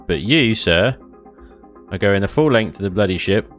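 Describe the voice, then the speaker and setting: A man's voice: lowish voice, animated, normal speed, faint music behind. A man streaming a space game, thinking aloud, chuckling often and chatting with his viewers. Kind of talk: casual live-stream chat while building in a game.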